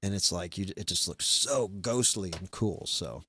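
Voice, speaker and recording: A podcast host who is being interviewed chats casually in a low, slightly rough voice with a sharp edge, speaking at a moderate pace. He rambles loosely, with plenty of fillers and false starts.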